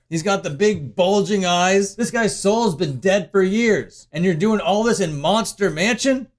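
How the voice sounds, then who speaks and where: Young male commentator with a high voice, casual and irreverent reaction host. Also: animated, moderate pace, few pauses. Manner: irreverent, jokey, swears casually. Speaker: commentary host reading a news article.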